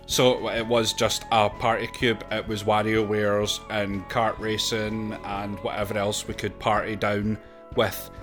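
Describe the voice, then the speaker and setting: A man's voice: on the low side, little pitch movement, unhurried, over music. Easygoing man co-hosting a podcast. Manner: easygoing, hesitant, self-deprecating. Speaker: podcast co-host. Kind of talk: casual podcast chat about retro games.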